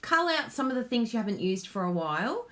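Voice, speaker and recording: A woman's voice: on the high side, very animated, fairly quick, fairly bright tone. A woman from Queensland with an Australian accent, chatting casually as a craft host, bubbly and laughing often. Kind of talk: casual live chat.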